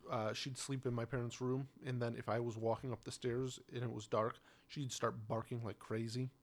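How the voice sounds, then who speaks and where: A young man in casual chat, telling a story in a relaxed way and laughing easily. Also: medium pitch, normal speed.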